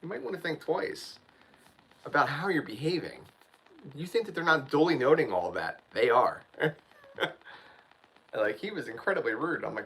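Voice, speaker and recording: Animated man ranting in a casual chat. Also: a little high, normal speed, pauses often, breathy edge, poor audio. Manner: animated, ranting storyteller, says "dude" and "man". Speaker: channel host.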